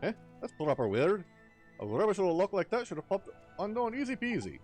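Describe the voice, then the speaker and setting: A man voicing a loud, cheeky little male fairy sidekick who talks in a brash, bossy, slangy way. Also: sits high, very animated, a little fast, voice pushed up. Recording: faint music behind.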